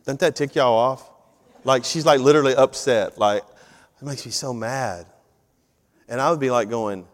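A middle-aged man, preaching a sermon and telling stories in a lively, conversational way. His voice sits at an ordinary pitch for a man. The sound carries a long reverb, as if recorded in a large church sanctuary. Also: moderate pace, pauses often. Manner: conversational, animated storytelling. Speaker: pastor.

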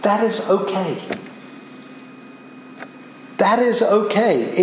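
A man's voice: sits high, a little hiss or hum. A man preaching a sermon as a pastor, earnest and emphatic, often rising into exclamations. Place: church sanctuary. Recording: echoey hall from far off.

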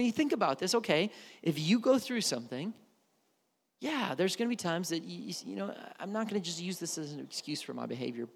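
A man in a pastor's role gives a conversational sermon, his voice a little high and rough with fry. He restarts phrases and repeats words as he works through his point. The sound carries a long echo from a large church sanctuary. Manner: conversational preaching with many restarts.

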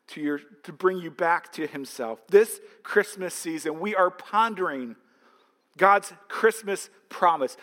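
A man's voice: high-pitched, a bit bright. A man preaching a sermon as a pastor, retelling a film plot as a story before turning to earnest emphasis. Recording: long hall reverb.

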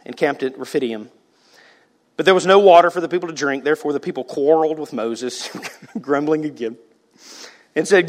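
A man preaching a sermon, swinging between loud, animated passages and hushed asides. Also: a little high. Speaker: pastor.

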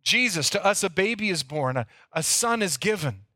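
A man's voice: high-pitched, animated, moderate pace, bright, forceful tone, no echo, studio quality. A man preaching a sermon, telling the story earnestly and sometimes repeating words as he goes. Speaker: pastor.

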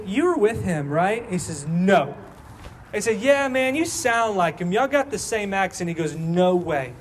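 Male pastor, higher-pitched voice, lively storytelling sermon, faint room ambience. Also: a little hiss or hum. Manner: storytelling, acting out quoted dialogue, asks the congregation questions.

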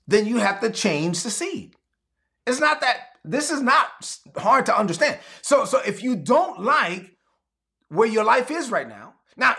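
A man preaching a sermon as pastor, animated and acting out the people he quotes. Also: high-pitched.

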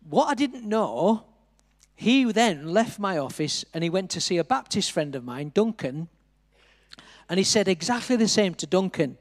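A man's voice: high-pitched, lively intonation, moderate pace. A man, a pastor telling a testimony in a sermon, repeating words as he acts out quotes. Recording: echoey hall.

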